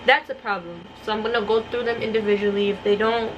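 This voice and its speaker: Young woman, casual vlog chat, rambling, talks to viewers, mid pitch, faint background noise. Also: fairly even intonation, fast talker, lo-fi sound. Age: young adult. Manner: chatty and rambling, addresses viewers as y'all. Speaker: vlogger.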